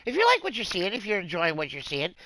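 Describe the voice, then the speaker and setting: A man's voice: high-pitched, huge pitch swings, fast talker, sharp tone, no room sound, low-quality recording. A man calling a wrestling game as a rambling, jokey streamer who plays a drunken clown persona. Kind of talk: excitable play-by-play game commentary.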